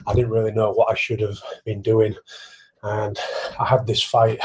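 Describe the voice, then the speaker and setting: A man's voice: fairly low pitch, flat delivery, brisk, slightly rough. A man in casual livestream chat, answering viewer questions while pedalling an exercise bike, rambling, swearing freely and poking fun at himself.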